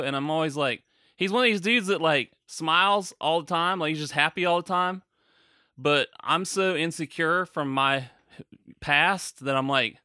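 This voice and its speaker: Bright-voiced podcast dude, rambly, self-deprecating, dry close mic. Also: male voice, on the high side, lively intonation, a little fast, dry recording. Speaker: podcast co-host. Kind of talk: casual chat.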